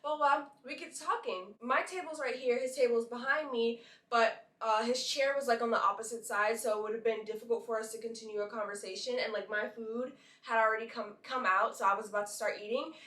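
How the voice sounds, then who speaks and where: A woman's voice: fairly high pitch, fairly even intonation, brisk, few pauses, a bit bright. A young woman from Brooklyn, chatting to camera as a vlogger and telling a story full of likes and asides. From Brooklyn, New York. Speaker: model and vlogger. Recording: echoey room, a bit far from the mic.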